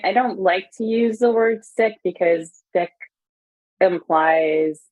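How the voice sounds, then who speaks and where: A woman guest in a conversational interview, candidly retelling events with many fillers and animated quotes. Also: fairly low pitch, slow pace, no echo, phone-quality sound.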